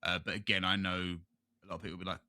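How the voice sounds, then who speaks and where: A man's voice: low-pitched, little pitch movement, racing, pushed and bright, dry recording, studio quality. A British man hosting a gaming podcast, chatting casually in a rambling, jokey way. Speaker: podcast host. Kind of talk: casual chat.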